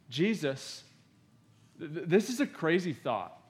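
A man's voice: sits high, expressive, measured pace. Emphatic male pastor preaching. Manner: emphatic, swings between loud stresses and hushed asides; conversational, with acted-out quotes. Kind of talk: sermon.

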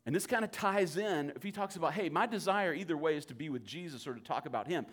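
A man with a notably high voice leads an evening Bible teaching in a loose, conversational way. He talks informally and slips into little acted-out quotes as he explains. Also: fast. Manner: informal and animated, acts out quoted speech.

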